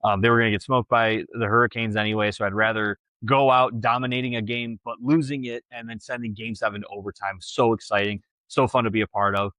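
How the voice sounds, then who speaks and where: A man's voice: lowish voice, level tone, quick pace, few pauses, sharp tone, no room sound. Chatty, teasing man from Buffalo. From Buffalo, New York. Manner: chatty, teasing, laughs easily. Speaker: podcast co-host. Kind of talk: casual chat.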